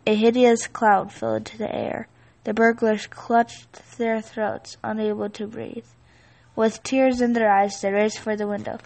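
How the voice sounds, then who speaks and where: A woman reading a children's picture book aloud, with a steady, expressive storytelling delivery. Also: fairly high pitch, measured pace, vocal fry, rough recording.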